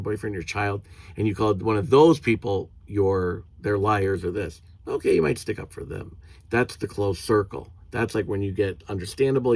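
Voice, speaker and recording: A man ranting angrily in a vlog, indignant and swearing, mocking others in a high put-on voice. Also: vocal fry, no echo. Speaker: vlogger.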